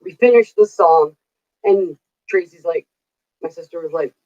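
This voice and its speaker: A woman's voice: on the low side, moderate pace, dark tone, lo-fi sound. A middle-aged woman telling stories in casual chat, chatty, laughing often and swearing casually. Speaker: vlogger.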